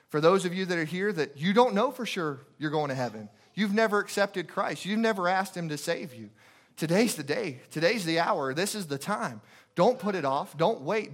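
Man preaching, kinda high voice, urgent and repetitive, storytelling sermon.

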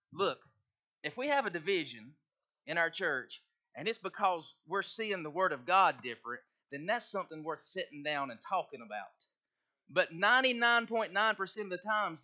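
High, bright-voiced preacher man. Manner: folksy preaching, reads scripture aloud. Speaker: pastor. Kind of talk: sermon. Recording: muffled lo-fi recording.

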